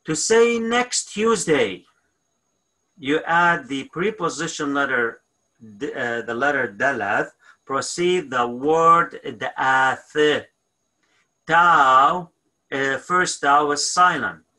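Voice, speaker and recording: Male teacher, grammar lesson, slow deliberate delivery, halting with fillers, checks in often. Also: mid-range voice, bright, forceful tone, low-quality recording. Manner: explains step by step, often checks in with "okay?"; halting, with frequent "uh" and self-corrections. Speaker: language teacher. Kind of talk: recorded online grammar lesson.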